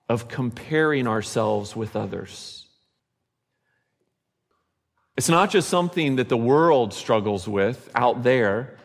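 A man preaching a sermon at a slow, deliberate pace, his earnest and reflective delivery leaning on repetition for emphasis. His voice sits a little high for a man. It rings out with a long reverb, as in a church sanctuary. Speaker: pastor. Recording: reverberant hall.

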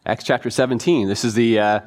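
A man teaching a church Bible class in a relaxed, informal way, reading verses and quizzing listeners. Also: mid-range voice, fairly quick. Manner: informal, chatty, quizzing the audience. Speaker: pastor.

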